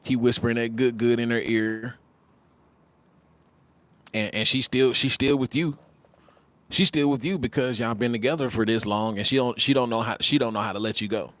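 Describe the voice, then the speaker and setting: A man's voice: mid-range voice, fairly even intonation, moderate pace, pauses often, a bit bright. A man in his twenties hosting a casual livestream, talking bluntly with mocking, slangy banter and repeated phrases. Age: 20s. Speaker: livestream host.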